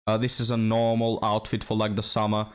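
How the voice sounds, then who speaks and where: A man's voice: lowish voice, monotone, brisk, clear, resonant tone. A young man hosting a reaction commentary, sarcastic and mocking, talking straight to his viewers. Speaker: commentary host.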